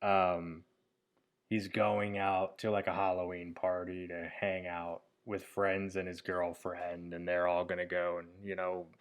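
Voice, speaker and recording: Low-voiced man rambling film commentary. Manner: rambling and enthusiastic, with frequent fillers and laughs. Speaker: filmmaker giving commentary on his own film. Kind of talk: casual commentary.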